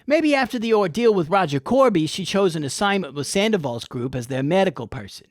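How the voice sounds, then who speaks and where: A man's voice: sits high, expressive, fairly quick, no room sound, clean studio sound. A man hosting a comic episode review, with irreverent, folksy and profane wit. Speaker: host.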